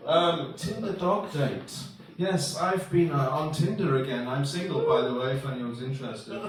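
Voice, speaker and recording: A man's voice: on the high side, moderate pace, a little hiss or hum. A man doing stand-up comedy in a pub, rambling and self-deprecating as he acts out bits of dialogue. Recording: roomy echo from far off.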